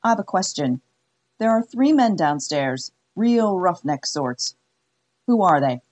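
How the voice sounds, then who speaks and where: A woman's voice: lowish voice, very animated, slow, a little mellow, exaggerated voice. A woman doing a cocky cowboy gunslinger. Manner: cocky, drawling. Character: cocky cowboy hired gun, confident man.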